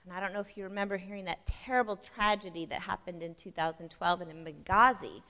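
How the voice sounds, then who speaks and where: Speaking fairly quickly in a lowish, steady, sharp-toned voice, a woman addresses a church conference conversationally and keeps asking the audience questions. The church hall's long reverb is audible.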